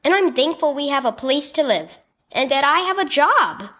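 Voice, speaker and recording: Brief: a woman reading a tired single mother in a kids' audio story, gentle and encouraging, with a fairly high, lively voice. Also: moderate pace.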